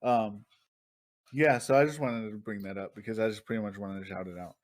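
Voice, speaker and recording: A man's voice: on the low side, steady tone, a little fast. A young man co-hosting a podcast, chatting casually, swearing and laughing as he tells stories. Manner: laughing, swearing, loose storytelling. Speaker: podcast co-host. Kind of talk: casual chat.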